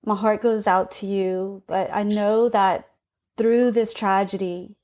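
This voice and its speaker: Gentle, slow-spoken woman host. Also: medium pitch, steady tone. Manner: gentle, sympathetic. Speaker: podcast host. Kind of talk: interview.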